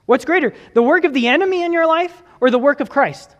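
A man's voice: very high voice, brisk, in a large hall, dull audio. A male pastor delivering a sermon in a church, asking his listeners questions and reading scripture aloud. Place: church sanctuary.

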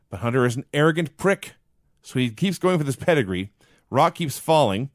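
A man's voice: a little high, sing-song, a little fast, dry recording, clean studio sound. A man co-hosting a podcast, recapping an old wrestling show in a wry, storytelling way. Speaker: podcast co-host. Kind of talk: casual wrestling recap chat.

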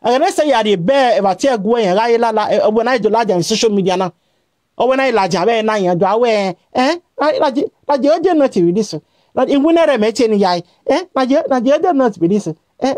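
Speaking a little fast in a high-leaning, slightly mellow voice with lively intonation and no echo, a Nigerian-accented vlogger rants at her audience straight to camera. She scolds repetitively, alternating Pidgin with a local language.

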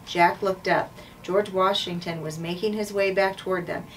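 Lady reading a kids chapter book, steady and clear, mic kinda far, bit of hiss. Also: on the low side, moderate pace. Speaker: school administrator. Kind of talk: reading a storybook aloud. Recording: distant mic, faint noise.

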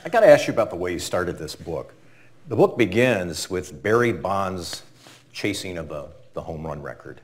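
A man interviewing a guest, asking measured, structured questions. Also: low voice, animated.

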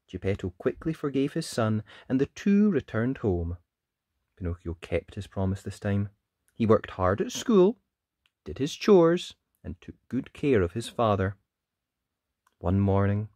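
A storyteller reading a children's picture book aloud, expressive, with whispered sound effects. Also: medium pitch, no echo, studio quality.

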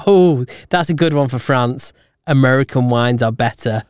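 A podcast co-host in casual chat, reading items out with giggly, quick laughing asides. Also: mid-range voice, a little mellow, clean tone, no room sound, studio quality.

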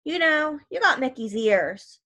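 An older grandfather grumbles in plain, homey words, as a woman reader puts him on. He sounds gruff but easygoing in an audiobook. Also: sits high, sing-song, unhurried, bright, forceful tone, exaggerated voice.

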